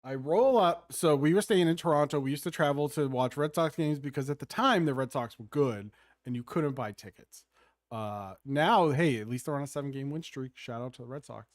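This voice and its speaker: A man's voice: mid-range voice, a little fast, dry recording, clean studio sound. A man in his thirties, co-hosting a gaming podcast and telling rambling, jokey stories in casual chat. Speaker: podcast co-host.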